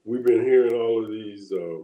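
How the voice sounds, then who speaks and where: A man co-hosting a casual political chat. He thinks aloud in a halting way, with many pauses and restarts. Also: lowish voice, roomy sound, lo-fi sound. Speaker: co-host.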